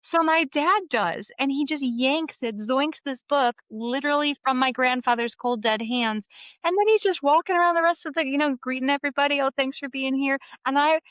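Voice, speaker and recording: A woman's voice: sits high, normal speed, no room sound. Podcast guest lady in her 30s telling a story, lots of likes, kinda muffled dry audio. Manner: animated storyteller, lots of "like" fillers. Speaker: memoir author, podcast guest. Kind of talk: casual podcast interview.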